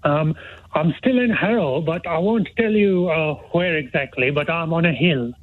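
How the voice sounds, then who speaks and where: A man calling in to a radio phone-in, talking in a hushed, rambling way with lots of fillers and restarts. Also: on the high side, moderate pace. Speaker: caller. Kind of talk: phone-in chat. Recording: tinny phone line.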